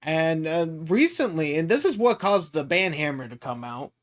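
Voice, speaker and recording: A man co-hosting a podcast, telling a story in loose casual chat. His voice sits high and swings widely as he laughs along. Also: moderate pace. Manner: animated, laughs often. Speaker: podcast host.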